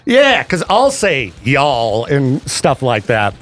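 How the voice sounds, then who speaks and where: A man's voice: mid-range voice, slow. A man hosting a radio show, chatting casually and laughing often. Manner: lively, animated, laughs often. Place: radio studio.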